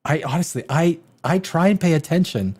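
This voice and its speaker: A man's voice: a little high, animated, fairly quick, darkish tone, husky. A man hosting a casual live-stream TV review, rambling and exasperated, with sarcastic asides. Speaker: TV show reviewer, host.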